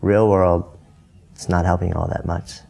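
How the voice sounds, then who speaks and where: Man, podcast host, very deep voice, gravelly, halting questions. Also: flat delivery, dark tone. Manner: hesitant, restarts questions before asking. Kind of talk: conversational interview.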